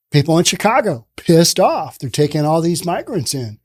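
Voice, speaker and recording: A man's voice: fairly high pitch, lively intonation, normal speed, hardly any pauses, darkish tone, no echo. Guy doing a sarcastic rant on his podcast, voice swings all over, dry close sound. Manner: sarcastic, ranting, mocks others in put-on voices. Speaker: podcast host. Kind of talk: opinion podcast commentary. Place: based in the Pacific Northwest.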